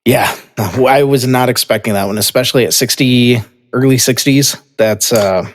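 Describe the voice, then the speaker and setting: Man hosting a podcast, echoey room. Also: mid-range voice. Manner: halting, with many fillers and restarts. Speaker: podcast host. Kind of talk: casual chat.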